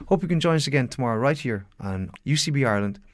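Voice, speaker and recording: A man's voice: mid-range voice, lively intonation, fast, slight background noise. A male pastor giving a radio sermon, reading scripture in an earnest, emphatic way.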